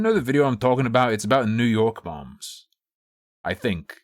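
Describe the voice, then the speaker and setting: Man, live streamer, casual rambling chat, profane, animated intonation, dry close sound. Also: mid-range voice, moderate pace, no room sound. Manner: rambling, profane, thinks aloud. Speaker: livestreamer.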